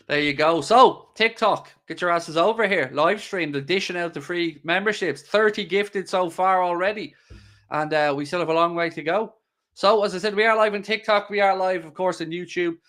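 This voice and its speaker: A man's voice: high voice, moderate pace, fairly bright tone. A man hosting a live stream, chatting casually and joking as he answers viewers' questions. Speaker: livestream host.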